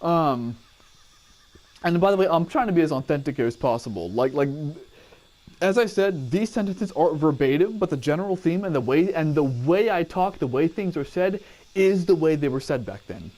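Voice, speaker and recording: A man's voice: fairly high pitch, expressive, moderate pace, a little mellow. A man telling a personal story casually, rambling, cursing and often correcting himself.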